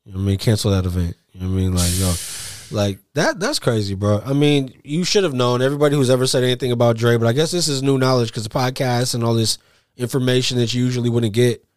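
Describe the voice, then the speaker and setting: A man's voice: medium pitch, fast talker, no echo. A man co-hosting a podcast in casual, slang-filled, profane banter. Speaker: podcast co-host. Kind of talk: casual chat.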